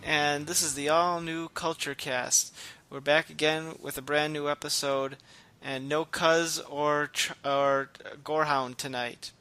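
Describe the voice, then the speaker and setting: Man, podcast co-host, casual chat, exhausted, rambling, bright tense voice, a bit high. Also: level tone, measured pace, clear, resonant tone. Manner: low-key and tired, rambling with restarts.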